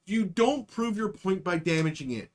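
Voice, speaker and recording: A man hosting a live stream, ranting in a loud, profane, excitable way and spinning absurd made-up stories for his chat, swinging between shouts and low mutters. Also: moderate pace. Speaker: host of a live stream show. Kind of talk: casual comedic live-stream rant.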